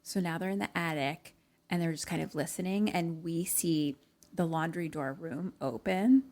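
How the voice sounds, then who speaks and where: A woman's voice: low voice, moderate pace, a little mellow. Chatty young woman retelling a movie. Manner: chatty, many "like"s, acts out lines from the film. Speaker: podcast co-host. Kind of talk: casual chat, retelling a movie plot.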